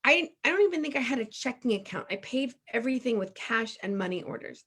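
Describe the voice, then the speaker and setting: Guest, woman from Texas, middle-aged, slightly high-pitched; emotional, frank storyteller. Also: fast talker, breathy edge. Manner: emotional, animated, candid. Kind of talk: personal storytelling in conversation.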